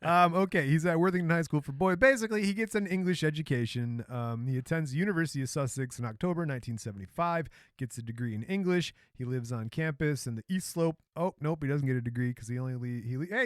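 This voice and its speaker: A man's voice: fairly high pitch, expressive, fast talker, few pauses, no room sound, clean studio sound. A man from Michigan co-hosting a podcast, telling a story in a casual, joking way. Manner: joking, storytelling, laughs often. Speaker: podcast co-host.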